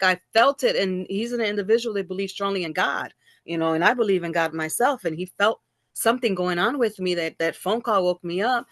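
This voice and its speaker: A woman's voice: fairly low pitch, a little fast, dry recording, studio quality. A middle-aged woman, a guest in an interview, telling her own story candidly and acting out the exchanges she recalls. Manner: animated, acts out quoted exchanges.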